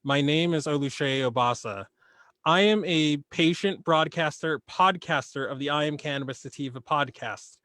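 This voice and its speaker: A man's voice: a little high, normal speed, fairly bright tone, no echo, studio quality. Friendly man reading a statement. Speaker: podcaster. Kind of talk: public comment.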